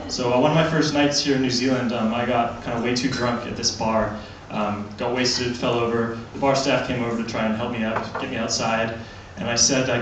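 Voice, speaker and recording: American comedian heard from far back. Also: male voice, mid-range voice, steady tone, brisk, few pauses. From United States. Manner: wry storytelling with quoted voices and asides. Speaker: stand-up comedian. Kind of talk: stand-up comedy set. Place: comedy club stage with audience laughter. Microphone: phone recording from the audience, far from the stage. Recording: distant, echoey phone recording with loud noise. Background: audience laughter.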